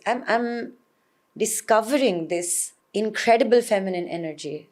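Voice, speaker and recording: An Indian woman, an actor, being interviewed and telling stories in an animated way with frequent laughter. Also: medium pitch, moderate pace. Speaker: guest, actor. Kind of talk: conversational interview.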